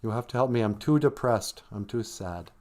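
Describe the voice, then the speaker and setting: A man's voice: fairly low pitch, lively intonation, normal speed, darkish tone, lightly acted. A man voicing a depressed, weepy male moth who pleads for help in a told joke. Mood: despairing. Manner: mournful, pleading.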